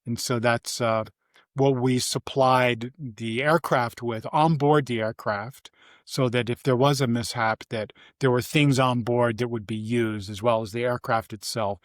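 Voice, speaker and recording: A man's voice: fairly even intonation, a little slow, no room sound. An older man recalls his life in a casual interview. He rambles with restarts and fillers, and his voice sits in a middle range. The sound is dry and close. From Vermont, USA. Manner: briefly mimics his mother in a high voice. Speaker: interview guest.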